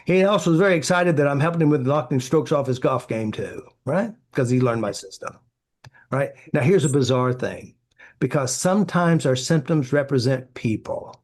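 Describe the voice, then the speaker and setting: Man, therapy practitioner, interview guest, anecdotal, chatty, mid pitch. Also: normal speed, darkish tone. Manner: anecdotal, acts out quoted dialogue, many "you know" fillers. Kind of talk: storytelling interview answers.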